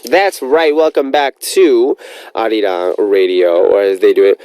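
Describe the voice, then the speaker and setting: A man's voice: on the low side, expressive, unhurried, darkish tone, smooth, dry recording, poor audio. A man hosting a radio show, chatting in an upbeat, rambling way as he reads out listener messages.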